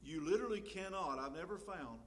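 A man preaching a sermon in a conversational way, full of fillers, getting louder when he quotes scripture. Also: high-pitched, lively intonation, fairly quick, a little hiss or hum.

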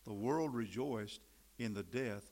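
Middle-aged pastor guy preaching, kinda gravelly, gets loud on key words then drops real quiet. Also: lowish voice, slow pace. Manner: emphatic, swings between loud stresses and quiet asides. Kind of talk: sermon.

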